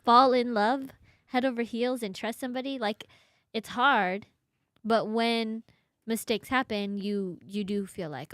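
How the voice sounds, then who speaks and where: Young woman chatting, lively and dry. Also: fairly high pitch, moderate pace, dry recording. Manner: lively, laughs, uses "like" often. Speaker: podcast co-host. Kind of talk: casual chat.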